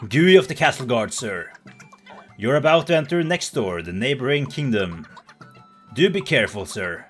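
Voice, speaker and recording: A man voicing a formal, courteous castle guard who drops his voice low on each "sir" while reading a game's lines aloud. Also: lively intonation, moderate pace, faint music behind, lightly acted.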